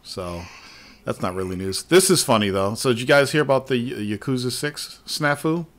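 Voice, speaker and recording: A man's voice: medium pitch, animated, moderate pace. Laughing, swearing gaming show host man. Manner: laughs often, swears freely. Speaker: podcast host. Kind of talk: casual gaming news chat.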